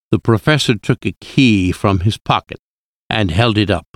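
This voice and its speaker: A man reading an audiobook aloud in a calm, even storytelling way. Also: lowish voice, normal speed, no room sound, clean studio sound. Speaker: narrator.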